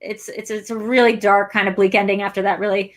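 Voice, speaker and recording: A woman's voice: medium pitch, level tone, fast. A woman co-hosting a movie discussion show, rambling in a casual, profane way with lots of filler words. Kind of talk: casual film discussion chat.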